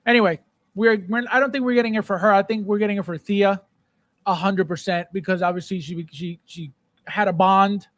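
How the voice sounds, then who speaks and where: A man with a high, bright speaking voice hosts a casual live stream and chats loosely with viewers. He talks in an animated way, says the same phrases again and again, and breaks into playful shouted bits. The sound is dry and close to the mic. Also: brisk, dry recording. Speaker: livestream host. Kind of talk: casual live chat reading viewer comments.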